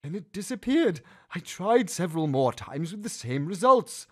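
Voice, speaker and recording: A man's voice: high-pitched, normal speed, hardly any pauses, slightly rough. A man reading a humorous family story aloud, putting on voices for the characters. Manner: animated, puts on voices for the characters. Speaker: story narrator.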